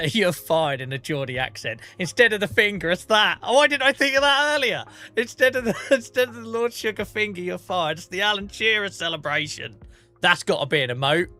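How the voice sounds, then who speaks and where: A man's voice: medium pitch, sharp tone. A man with a Norfolk accent, chatting casually to his live-stream viewers while gaming, self-mocking and laughing often.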